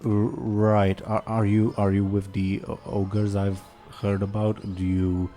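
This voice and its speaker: A man's voice: on the low side, little pitch movement, takes it slowly, warm tone, soft background music. A man voicing a suspicious male city guard in a tabletop game.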